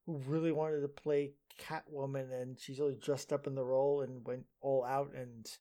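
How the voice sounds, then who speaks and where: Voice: mid-range voice, level tone, moderate pace, mellow. A podcast co-host with a mid-range voice who chimes in with short, dry remarks during a casual movie discussion. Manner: dry, brief interjections. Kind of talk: casual movie-review chat.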